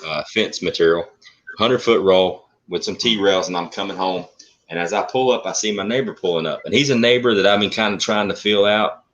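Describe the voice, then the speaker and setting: A man telling a story in a blunt, profane, animated way in casual talk. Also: low-pitched, a little fast. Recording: muffled lo-fi audio.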